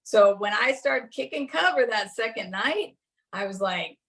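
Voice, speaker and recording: A woman's voice: a little high, animated, a little slow, a bit bright. A middle-aged woman giving a casual class talk, chatty and anecdotal, often laughing as she tells her own story. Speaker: class presenter.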